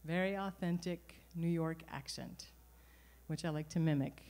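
A middle-aged woman telling a personal story at a live storytelling event, conversational and animated, with frequent restarts. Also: sits low, moderate pace. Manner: conversational, animated, self-correcting.

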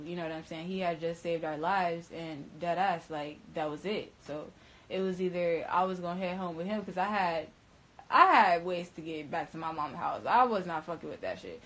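A young woman telling a story to her viewers in casual, slangy, profane speech, swinging between loud, high outbursts and low, quiet stretches. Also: slight background noise, poor audio. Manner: emphatic, slangy and profane, with frequent restarts. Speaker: storyteller recounting events.

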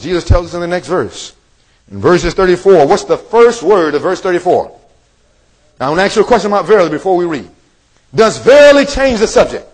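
High-voiced emphatic male preacher. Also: rough recording. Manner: emphatic, asks the congregation questions. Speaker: evangelist preacher. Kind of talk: sermon. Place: church meeting room.

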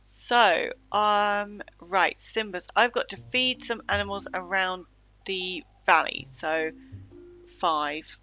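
A woman's voice: medium pitch, slow, bright, forceful tone, soft background music, low-quality recording. A woman hosting a let's-play video, chatting casually and muttering to herself as she plays. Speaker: gaming channel host.

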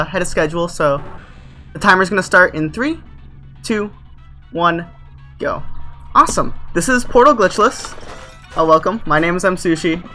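A woman's voice: on the low side, pushed and bright. A woman giving live speedrun commentary in a casual, joking, filler-laden way.

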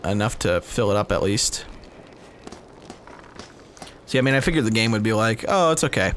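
A man's voice: fairly low pitch, moderate pace, fairly bright tone, a little hiss or hum. A man hosting a let's play, giving casual gameplay commentary with laid-back, profane, giggly asides.

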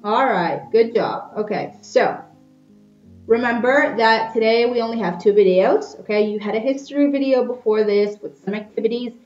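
A woman's voice: on the high side, normal speed, a little mellow, faint music behind. A woman teacher giving recorded class instructions to children, patiently explaining and checking in with "okay?". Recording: echoey room, slightly dull lo-fi sound.

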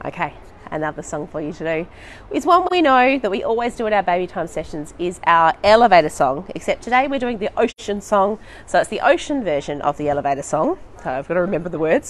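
A woman's voice: fairly low pitch, very animated, quick pace, a little hiss or hum. A young woman running a live baby and toddler session at a library, singing nursery songs and chatting to parents between them, laughing often. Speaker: children's librarian.

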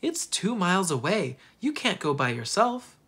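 Casting: a soft-spoken storybook mother, read by a reader, gentle but disapproving, husky. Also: mid-range voice, sing-song, moderate pace, pitched above the performer's own voice.

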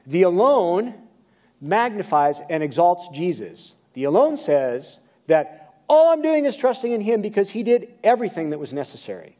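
With a high, sing-song, warm voice at a normal speed, a pastor with an American accent preaches a sermon and asks the congregation questions. He stands at the pulpit of a church sanctuary, and a video-recorded pulpit mic picks him up.

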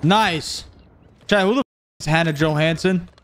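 A man streaming live gameplay, joking around, swearing casually and breaking into whooping shouts. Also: fairly high pitch, moderate pace. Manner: swears casually, talks to chat. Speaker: gaming streamer.

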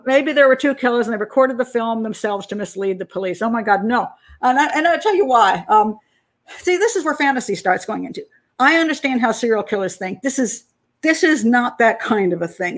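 An older American woman, a criminal profiler and channel host, chatting casually on a live stream, laughing often and answering viewer comments. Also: fairly high pitch. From United States.

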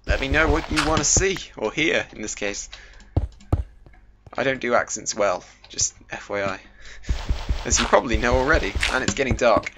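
In his casual Minecraft commentary, the British teenage gamer talks at a normal speed with lively intonation and long pauses, his pitch in the medium range. He rambles, jokes and does silly voices while sweating in the heat. The muffled home recording is noisy, with faint music playing.

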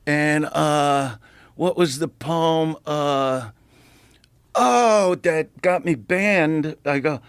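A man's voice: on the high side, very slow, clean tone, dry recording. A middle-aged man, telling a rowdy showbiz story in a casual podcast chat. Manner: animated, profane, acts out voices in anecdotes. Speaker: guest comedian. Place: podcast studio.

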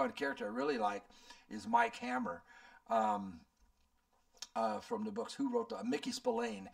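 A man's voice: high voice, gravelly, recorded from a distance. A man in his seventies, a channel host, rambling and thinking aloud as he answers viewer questions. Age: 70s. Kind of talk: casual Q&A chat.

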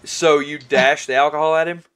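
A man narrating a tabletop game as game master, halting and restarting often. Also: a little high, fairly even intonation, fairly bright tone, clear, resonant tone. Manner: halting, with many restarts and fillers.

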